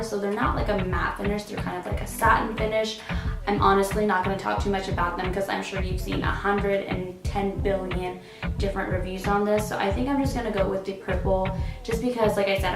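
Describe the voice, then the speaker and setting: A young woman hosts a makeup tutorial in a laid-back, rambling way, her voice rough from being sick. She leans on fillers and swears now and then. The room is echoey, with music playing clearly behind her. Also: mid-range voice. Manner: chatty, filler-heavy, casually swearing. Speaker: beauty vlogger. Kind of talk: casual makeup tutorial chat. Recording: roomy echo with background music.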